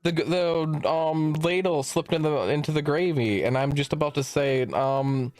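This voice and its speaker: A man's voice: a little high, moderate pace, hardly any pauses, a little mellow, faint music behind. A young man streaming from home, telling a long work story as a casual rant, rambling and swearing as he backtracks. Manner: rambling, profane, self-interrupting.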